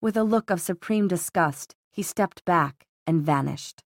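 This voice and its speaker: Woman narrating in a low, dry read. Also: unhurried, no room sound. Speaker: audiobook narrator. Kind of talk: scripted narration.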